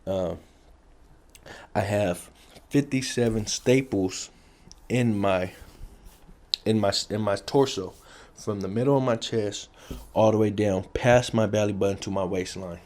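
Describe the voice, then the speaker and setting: A man's voice: fairly low pitch, unhurried, long pauses, a little mellow. Profane streetwise man. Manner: blunt, profane, streetwise, repeats key phrases for effect. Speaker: storyteller recounting his past. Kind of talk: casual street storytelling to camera.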